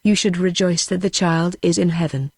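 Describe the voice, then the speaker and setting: A woman's voice: lowish voice, steady tone, moderate pace, darkish tone, breathy edge, dry recording, clean studio sound. A synthetic woman's voice reading the lines of a stern, fanatical missionary father, with no change of voice. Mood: solemn.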